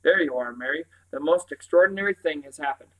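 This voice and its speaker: A man reading aloud, voicing a brisk, firm middle-aged father who gives commands. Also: on the high side, pushed and bright, low-quality recording.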